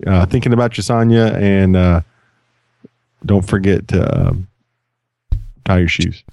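A man's voice: low-pitched, a little slow, darkish tone, no room sound, clean studio sound. A middle-aged man co-hosting a podcast, tossing in goofy, jokey asides. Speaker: podcast co-host. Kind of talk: casual chat.

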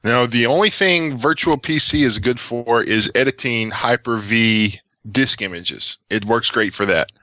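A man's voice: medium pitch, a little slow, hardly any pauses, bright, forceful tone, dry recording. A man on a tech podcast panel who explains things step by step in a matter-of-fact way. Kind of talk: casual tech chat. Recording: dull lo-fi audio.

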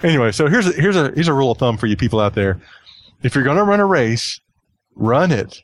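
A man's voice: medium pitch, sing-song, quick pace. A man hosting a podcast in easy casual chat. He often repeats himself and laughs along as he talks. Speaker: podcast host.

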